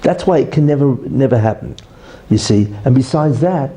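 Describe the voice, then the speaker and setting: A man teaches as a rabbi in an emphatic lecture, tagging point after point with "right?" and "you see". His voice is very dark and mellow, yet his pitch leaps around in a lively, animated way. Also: moderate pace, poor audio. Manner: teaches through a parable, acting out the quarrel in raised voices. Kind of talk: religious lecture.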